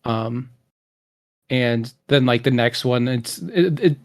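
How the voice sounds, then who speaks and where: A man's voice: medium pitch, takes it slowly. A man narrating as game master of a tabletop role-playing game, rambling with many fillers as he builds scenes.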